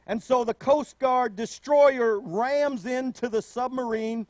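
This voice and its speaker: Male pastor, high voice, storytelling sermon delivery, dry close recording. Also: slow, no room sound. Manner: storytelling, animated asides.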